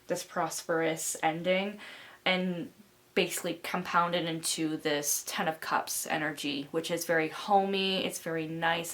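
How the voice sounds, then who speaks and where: Low-voiced woman giving a tarot reading. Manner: rambling and reassuring, with many fillers. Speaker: tarot reader. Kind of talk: pick-a-card tarot reading.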